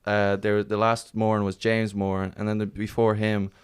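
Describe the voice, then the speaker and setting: A man's voice: lowish voice, completely flat delivery, normal speed, clear, resonant tone. A man in casual chat, telling a long story with many restarts.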